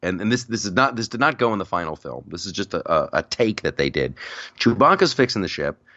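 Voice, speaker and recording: A man with a low voice hosts a casual podcast chat, rambling through stories with lively energy and frequent restarts. The recording is dry, with no room echo, and slightly dull. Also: brisk. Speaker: podcast host.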